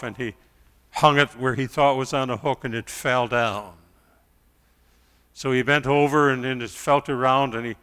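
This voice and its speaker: A middle-aged male pastor preaching a sermon, telling stories quietly and then rising to loud pleas. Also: mid-range voice, clean tone, long reverb tail.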